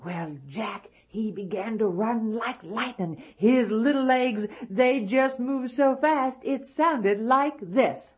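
Woman, storyteller, folktale, slow, animated. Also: fairly high pitch, a little hiss or hum. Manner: animated, dropping to hushed asides.

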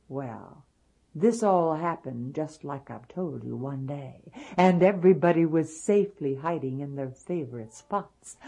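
A woman telling a folktale aloud, animated, with hushed, drawn-out endings. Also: sits low, slightly rough. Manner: animated, dropping to hushed asides. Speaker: storyteller. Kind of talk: folktale storytelling.

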